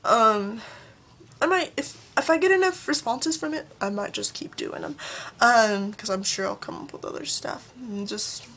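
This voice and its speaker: Young woman vlogger, husky and fairly high, chatty rant to camera on the camera mic. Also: lively intonation, fairly bright tone. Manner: chatty and ranting, with quick jumps up in pitch.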